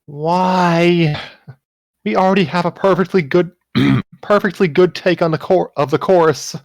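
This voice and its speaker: A man's voice: sits high, a little slow, creaky, no room sound, studio quality, voice pushed up. A man voicing a reluctant, anxious young woman songwriter, hesitant and protesting.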